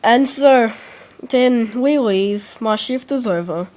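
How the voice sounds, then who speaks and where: Aussie woman host, kinda high voice, slow rambly "and then i'm like" storytelling. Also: a little mellow, rough recording. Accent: Australian. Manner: meandering, repeats "and then I'm like". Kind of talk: rambling comic anecdote.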